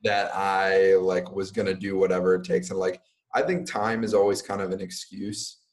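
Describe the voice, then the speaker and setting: A man's voice: low-pitched, flat delivery, normal speed. A young man as an interview guest, talking casually with many fillers like "um" and "like". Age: young adult. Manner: casual, filler-heavy, uses "like" often.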